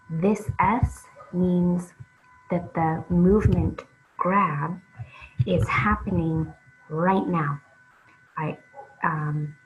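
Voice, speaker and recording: A woman's voice: lowish voice, lo-fi sound, slight background noise. A woman teaching a phonics lesson to young children, sounding out letters one at a time and praising the listener. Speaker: reading teacher.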